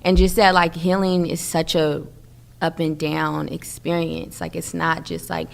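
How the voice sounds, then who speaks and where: A woman's voice: deep voice, flat delivery, unhurried, vocal fry. A woman guest in an interview, talking about personal growth in an earnest, reflective way.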